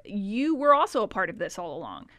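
A woman's voice: mid-range voice, sing-song, brisk, bright, forceful tone, no room sound. A woman co-hosting a podcast, talking through a recorded call in a thoughtful, conversational way with plenty of fillers. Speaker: podcast co-host. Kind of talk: casual chat analyzing a call recording.

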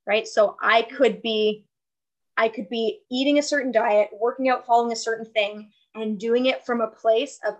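A woman with a fairly high voice talks as a wellness coach in a conversation. She explains her ideas earnestly and gets animated as she makes her points. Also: poor audio. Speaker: guest, fitness and wellness coach. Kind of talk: casual conversational interview.

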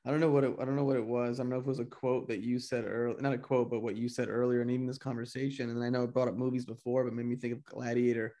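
A man's voice: medium pitch, level tone, very fast, few pauses, warm tone. A man co-hosting a podcast, thoughtful and casual, with the odd swear word. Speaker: podcast co-host. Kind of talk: conversational talk.

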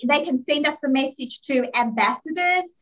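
Effusive South African woman, high voice. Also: moderate pace, rough recording. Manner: warm, effusive, laughs often. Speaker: podcast guest, jewelry business owner. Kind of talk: casual interview chat.

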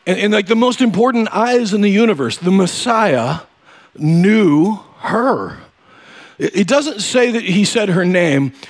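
A man preaching with a somewhat high voice that sounds loose and conversational rather than formal. He tells his story with self-deprecating humor and checks in with the listeners often. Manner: asks listeners directly. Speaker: pastor. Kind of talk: conversational sermon.

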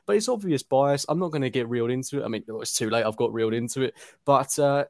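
A man's voice: mid-range voice, a little mellow, no room sound, clean studio sound. A man in a casual football podcast chat, emphatic and opinionated. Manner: emphatic, opinionated, quick to get worked up.

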